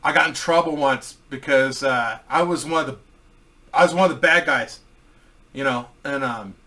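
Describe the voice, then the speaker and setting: A man's voice: mid-range voice, moderate pace, sharp tone, far from the mic. Crude, laughing man telling stories. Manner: crude, boisterous, laughs at his own stories. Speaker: host. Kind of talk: casual storytelling.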